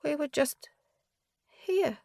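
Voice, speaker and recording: A woman doing a faltering refugee woman, high and halting. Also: level tone, creaky, a little mellow, no room sound, studio quality. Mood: stricken. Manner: halting, trailing off.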